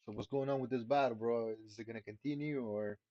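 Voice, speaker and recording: A man's voice: mid-range voice, steady tone, fast talker, warm tone, no echo. A man giving casual live commentary while streaming a game, laid-back and profane, sighing often. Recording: dull lo-fi stream mic.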